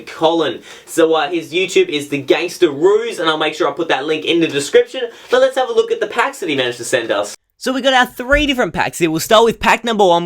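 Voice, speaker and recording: A young man with a slightly high voice talks through his fan mail at home. He is excitable and slangy, with loud exclamations that keep the chat casual. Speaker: YouTuber opening fan mail.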